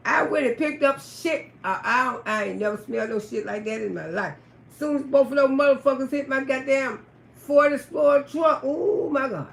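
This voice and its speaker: A woman telling a raunchy story on a live stream, loud, profane and laughing often. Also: high-pitched, gravelly, reverberant. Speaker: livestream storyteller.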